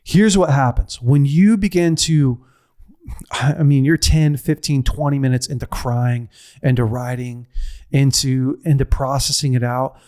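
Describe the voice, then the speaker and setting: A middle-aged man giving a heartfelt teaching talk, telling a personal story with repetition, restarts and a pace that swings from slow to rushed. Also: mid-range voice, steady tone, dark tone. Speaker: speaker on a men's ministry show.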